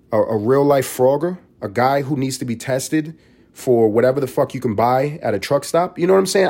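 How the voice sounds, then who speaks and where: A man's voice: mid-range voice, darkish tone. A man hosting a solo podcast, rambling and swearing freely as he riffs in a casual monologue. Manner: rambling, profane, riffing with restarts. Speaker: podcast host.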